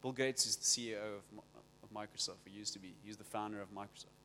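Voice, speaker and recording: A man preaching a sermon as pastor, energetic and story-driven, with frequent restarts. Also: fairly low pitch, quick pace, long reverb tail, a little hiss or hum.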